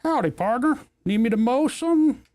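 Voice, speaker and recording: A man's voice: very high voice, animated, normal speed, darkish tone, voice pushed up. A man voicing a friendly cowboy robot lawnmower with a drawling twang.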